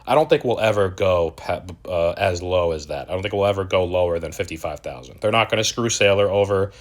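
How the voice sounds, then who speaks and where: A man's voice: low voice, brisk. A young man hosting a crypto channel, ranting in a profane, exasperated and mocking way. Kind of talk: ranting video commentary.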